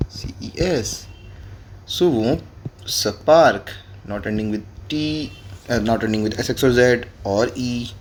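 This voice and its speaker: A man's voice: medium pitch, a little hiss or hum. A man, teaching French grammar in a classroom lesson and spelling words out letter by letter. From India.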